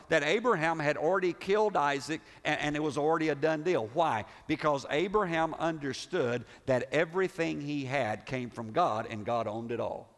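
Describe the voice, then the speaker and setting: A male pastor preaching a sermon, animated and full of rhetorical questions, often restarting his words. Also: fairly high pitch. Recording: reverberant hall.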